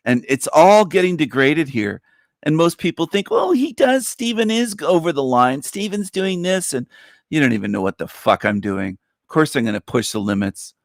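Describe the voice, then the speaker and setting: Combative, mocking man host, dry sound. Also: dry recording. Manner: sarcastic, with falsetto whining impressions. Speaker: livestream show host. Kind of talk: ranting livestream talk.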